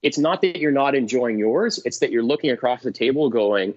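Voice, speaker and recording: A middle-aged man, a comedian guest, telling stories in casual chat, animated and swearing, acting out voices. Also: medium pitch, a little fast. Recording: dull lo-fi dry sound.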